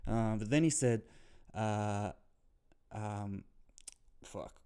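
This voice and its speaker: A man's voice: lowish voice, drawn-out words, mellow, clear, resonant tone. A young Australian man giving a casual, rambling footy commentary, swearing freely and sometimes losing his train of thought. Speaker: footy tipping vlogger.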